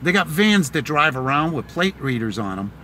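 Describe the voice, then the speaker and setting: Here the same sort of in-car city live stream features a middle-aged man from the Boston area, his speech a Boston-Tennessee mix, rambling casually with many fillers. His voice runs on the high side with big pitch swings and a sharp tone at a moderate pace. Slight background noise is audible.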